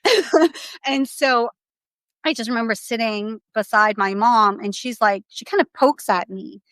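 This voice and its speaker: A woman's voice: on the high side, unhurried, fairly bright tone, dry recording. Candid woman with dry close sound. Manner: candid, rambling with many "like"s and restarts. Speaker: podcast guest. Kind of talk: casual interview storytelling.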